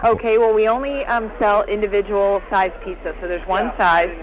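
A woman's voice: medium pitch, steady tone, moderate pace, muffled recording, crowd noise. A woman calling in from a restaurant, carefully listing items one by one. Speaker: caller, restaurant worker.

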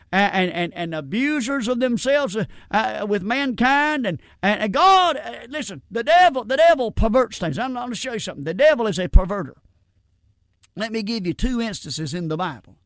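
In a dry, studio-quality recording, a high-voiced middle-aged man delivers a folksy, plain-spoken sermon. He keeps stammering into restarts on repeated words and sprinkles in "amen" again and again.

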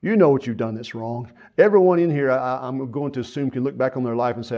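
A man's voice: mid-range voice, fast talker. A man preaching a sermon as pastor, earnest and folksy, with frequent fillers. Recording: dull lo-fi sound.

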